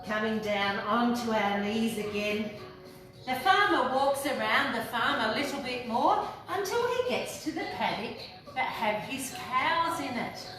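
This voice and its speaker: A woman's voice: a little high, expressive, a little slow. A woman from Australia leading a children's yoga class, playful and encouraging, joining in with animal noises. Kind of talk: guided kids' yoga class. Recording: echoey room, distant mic, music behind.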